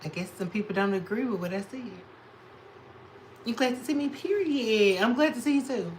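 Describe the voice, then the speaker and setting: Reading viewer comments and firing back with sass, a Chicago man chats through his drag makeup livestream. His high-pitched voice moves at a moderate pace, animated throughout, over slight background noise in a low-quality recording.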